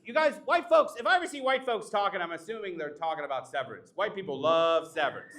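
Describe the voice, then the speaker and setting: A man's voice: sits high, lively intonation, fast talker, sharp tone. A young man doing a live stand-up set, brash and teasing the crowd. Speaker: stand-up comedian. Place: live comedy show at an art exhibition.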